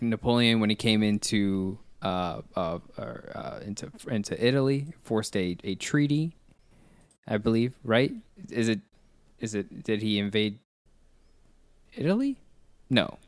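A man's voice: on the low side, smooth, no echo. A young man co-hosting a film podcast, chatting casually and rambling with frequent self-corrections. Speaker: podcast co-host. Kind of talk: casual chat.

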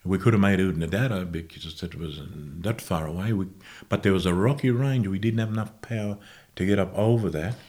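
A man, a guest musician, recalling his past in a casual interview with unhurried, halting, self-correcting speech. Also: deep voice, a little mellow. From Australia.

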